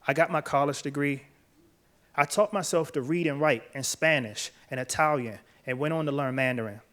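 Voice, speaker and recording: A man, earnest and measured, telling his own story on stage to an audience. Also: on the high side. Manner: earnest, measured, quiet at emotional moments. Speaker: author and speaker. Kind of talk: personal storytelling talk, then interview answers. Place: event stage before a live audience.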